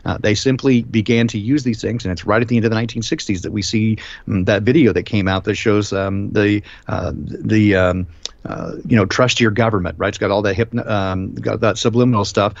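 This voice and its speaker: Man, live stream host, low voice, rambling, emphatic, dry dull lo-fi audio. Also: fairly even intonation, vocal fry, no room sound. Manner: rambling, emphatic, many filler pauses. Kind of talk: casual discussion.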